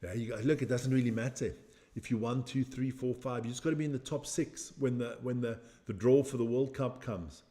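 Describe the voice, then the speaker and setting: This middle-aged watch-along host has a mellow, medium-pitched voice and talks a little fast with few pauses. During his casual live stream he reacts to a match, replies to viewer comments, and jokes about getting older.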